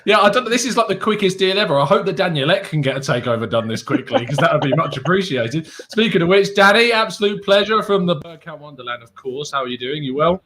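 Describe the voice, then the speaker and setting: A man's voice: on the high side, expressive, quick pace, hardly any pauses, a bit bright. A man with an English accent hosting a casual football podcast, upbeat and chatty, laughing often. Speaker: podcast host.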